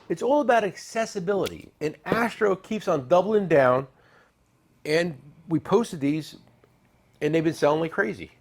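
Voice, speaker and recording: Gravelly joking tool-dealer man. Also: high voice, darkish tone, slight background noise. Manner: joking, rambling, salesy with asides. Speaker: tool dealer and show host. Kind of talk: casual product talk and storytelling.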